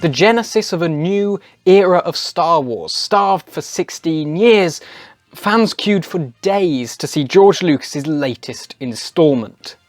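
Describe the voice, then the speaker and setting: A man's voice: a little high, lively intonation, slow, no echo. A man narrating a scripted video essay in a wry, opinionated way.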